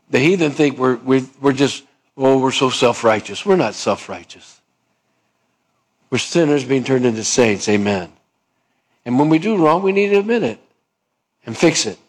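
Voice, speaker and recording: A man's voice: medium pitch, animated, normal speed, pauses often, breathy edge. A man preaching a sermon as a pastor, talking in a conversational way, asking questions of his listeners and reading scripture aloud.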